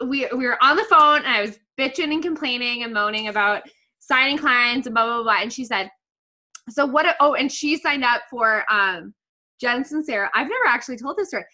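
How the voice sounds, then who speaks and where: Casting: young woman, bright and clear, chatty, swears, gets emotional while telling stories. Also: on the high side, lively intonation. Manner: emotional, swearing, quick storytelling. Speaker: podcast guest, author. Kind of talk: casual podcast chat.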